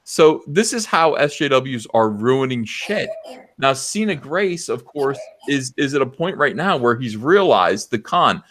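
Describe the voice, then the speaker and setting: A man hosting a live stream, ranting loudly and passionately and mocking others in put-on voices. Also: medium pitch, big pitch swings, measured pace. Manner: loud, impassioned, mocking impressions. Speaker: livestream host. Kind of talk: heated livestream rant.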